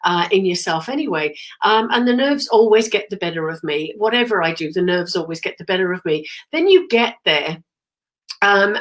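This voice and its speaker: A middle-aged woman with a cold, clearing her throat often as she hosts a rambling, chatty live stream about her work as a medium. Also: mid-range voice, fairly bright tone. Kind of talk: casual live-stream chat.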